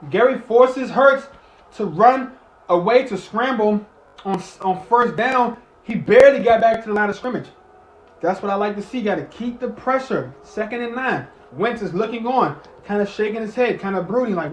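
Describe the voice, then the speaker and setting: A man chews through his live commentary on a football match, getting worked up enough to go from muttering to yelling and cussing. The voice is high and moderately paced, with reverb and a little background noise.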